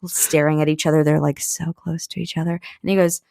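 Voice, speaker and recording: A woman co-hosts a podcast, retelling a novel's plot in a casual book recap that's chatty, animated and full of fillers. Her low, gravelly voice runs a little fast, with no echo.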